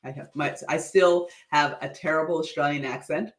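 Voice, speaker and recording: An American woman coaching public speaking on a casual livestream, chatty and self-deprecating, her voice jumping up high when something goes wrong. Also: steady tone, moderate pace, reverberant. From United States.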